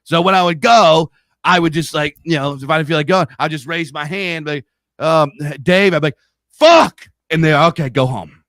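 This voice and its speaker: A man's voice: on the high side, a little fast, a bit bright, dry recording. A middle-aged man from Pennsylvania with a Pennsylvania accent, telling stories loosely in a casual podcast chat and swearing freely. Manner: rambling storyteller, swears freely. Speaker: podcast host. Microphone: studio mic on a live stream.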